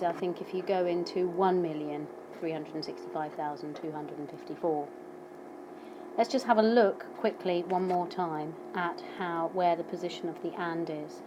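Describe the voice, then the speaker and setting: A woman teaching a language lesson, explaining numbers patiently and saying them slowly for learners to repeat. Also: on the low side, background noise. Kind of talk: slow explanatory lesson narration.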